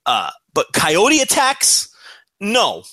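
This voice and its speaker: Bright dry-witted podcast man. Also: high voice, wildly swooping pitch, very slow, no room sound. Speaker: podcast co-host. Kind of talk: casual chat.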